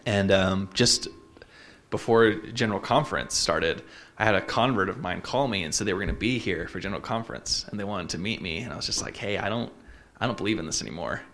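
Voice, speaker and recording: A man in his twenties from Utah, telling a personal story in a casual, reflective way, halting often with fillers and restarts. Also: sits low, a bit bright.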